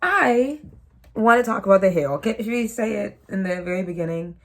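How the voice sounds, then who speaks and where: A woman's voice: mid-range voice, expressive, fairly quick. A woman in her twenties chatting casually to the camera, rambling and joking at her own expense. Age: 20s. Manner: chatty, self-mocking, trails off into asides. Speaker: vlogger.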